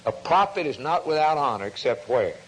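A man's voice: animated, brisk, slight background noise, rough recording. A man preaching a sermon, telling a story and acting out the quoted voices. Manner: storytelling preacher, acts out quoted voices, rises in pitch when stirred.

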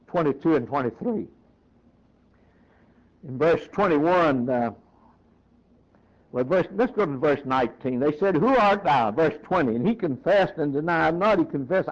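A man preaching a sermon, reading scripture aloud and then driving points home in short emphatic phrases. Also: on the high side. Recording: dull lo-fi recording.

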